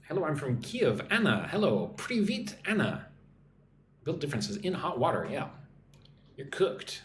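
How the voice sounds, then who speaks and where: A man teaching English on a live stream, chatting as he reads out viewer comments and explaining slang with slow example sentences. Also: a little high, big pitch swings. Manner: chatty, reads viewer comments aloud and greets them in their languages. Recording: roomy echo with faint background hum.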